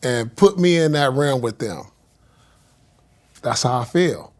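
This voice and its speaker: A man's voice: medium pitch, expressive, takes it slowly, a little mellow. A man talking as a guest in a casual interview, explaining his view earnestly with frequent restarts.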